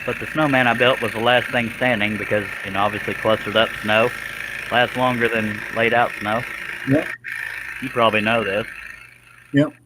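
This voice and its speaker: A Texan man hosts a casual woodworking live stream from his workshop, joking about himself and reading viewer comments aloud. His medium-pitched voice moves at a normal speed under heavy background noise.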